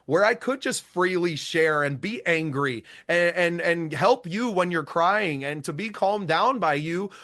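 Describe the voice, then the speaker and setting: A man's voice: a little high, lively intonation, a little slow, hardly any pauses, sharp tone. A man co-hosting a podcast, blunt and profane but earnest, speaking in casual chat. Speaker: podcast co-host.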